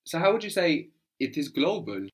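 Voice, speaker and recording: A man teaching a spoken language lesson, patiently coaxing a student and modelling pronunciation slowly. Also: a little high, sing-song.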